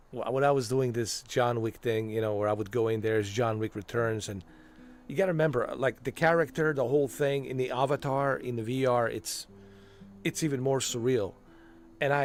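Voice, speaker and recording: A man's voice: mid-range voice, fairly even intonation, moderate pace, soft background music. A man streaming a video game, chatting casually in a loose, joking way and laughing a lot. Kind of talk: casual gameplay commentary.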